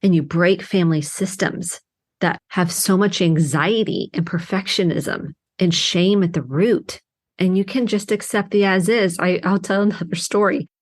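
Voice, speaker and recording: Middle-aged woman, therapist host, solo podcast talk, slightly low voice, earnest and heartfelt. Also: steady tone, moderate pace. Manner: earnest, heartfelt, emphatic in bursts. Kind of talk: reflective solo podcast monologue.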